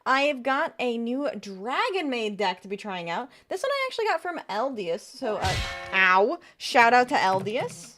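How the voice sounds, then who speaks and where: Upbeat high-voiced woman streamer. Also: sing-song, measured pace, a bit bright, soft background music. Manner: chatty, upbeat, reading chat aloud. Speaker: game streamer. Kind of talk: live game stream chat.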